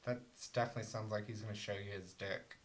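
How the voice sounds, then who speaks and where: A woman's voice: rumbling low, fairly even intonation, fast talker, slight background noise. A woman co-hosting a podcast in casual chat, reacting bluntly and laughing along. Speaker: podcast co-host.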